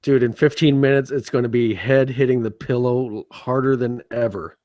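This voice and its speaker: A man's voice: medium pitch, steady tone, moderate pace, a little mellow, no room sound. A man co-hosting a casual podcast, answering quiz questions in a laid-back, tired way. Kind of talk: casual banter.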